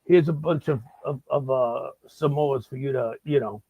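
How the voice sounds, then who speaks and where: A man's voice: medium pitch, normal speed, dark tone, husky, no room sound. A man hosting a comedic live-stream monologue, rambling and stammering with lots of repeated words. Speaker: host. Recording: slightly dull lo-fi sound.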